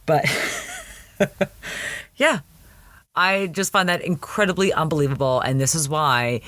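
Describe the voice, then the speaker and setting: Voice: medium pitch, slow pace, a bit bright, dry recording. A podcast host recapping a TV episode in casual chat, with frequent laughing, incredulous asides.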